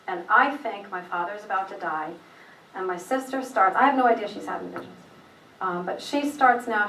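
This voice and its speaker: A middle-aged woman recounts a personal story of faith, her telling loose and rambling, full of pauses, fillers and restarts. Her voice carries a mid-range pitch and sounds set back from the mic in a room with a noticeable echo, with a faint hum underneath. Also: fairly bright tone. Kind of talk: personal testimony, casual retelling. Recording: echoey room, voice from a distance.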